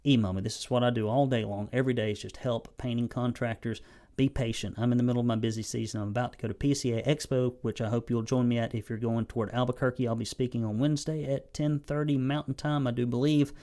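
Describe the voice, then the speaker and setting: A man's voice: mid-range voice, fairly even intonation, fast, mellow. A man with a Southern US accent giving a blunt, folksy, sarcastic sales training talk to camera as a business coach.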